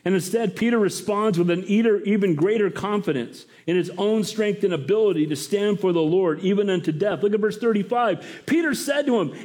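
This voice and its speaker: A man preaching a sermon as pastor, lively and talking straight to the congregation with questions. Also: high voice, a little fast, hardly any pauses.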